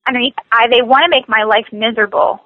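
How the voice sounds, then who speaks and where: A woman with a fairly high voice leads a guided tapping session, repeating short phrases slowly. The sound is dull and lo-fi, as over a call, and dry with no room echo. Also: fairly even intonation. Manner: slow, repetitive scripted phrases. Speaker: tapping coach.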